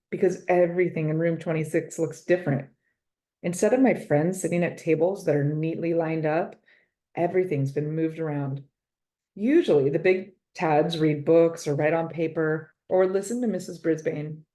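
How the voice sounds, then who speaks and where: A woman narrating a children's storybook in a lowish, mellow voice. She reads expressively and stretches words out for effect. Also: moderate pace. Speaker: storybook reader.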